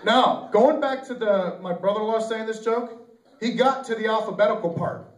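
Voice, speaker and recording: A man's voice: high-pitched, moderate pace. A young man doing an amateur stand-up set in a small club, rambling and correcting himself, with lots of fillers, taped from far off while the audience laughs. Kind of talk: stand-up routine at an open mic. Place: small comedy club or bar. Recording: echoey room taped from far off on a camcorder.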